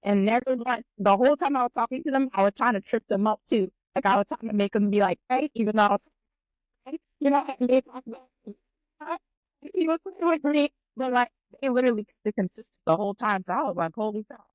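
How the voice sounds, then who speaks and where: A woman guest on a podcast telling a story in casual chat, animated and profane, acting out both sides of the conversation. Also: a little high, fast, no echo, dull audio.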